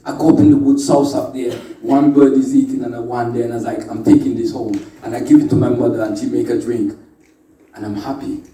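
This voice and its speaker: A man's voice: medium pitch, little pitch movement, a little fast, mellow. A man giving an informal, playful talk to a live group, calling out to the audience and teasing them with wordplay. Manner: playful, chatty, calls out to the audience. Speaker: speaker at a spiritual workshop. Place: indoor meeting room with an audience. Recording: echoey room, voice from a distant mic.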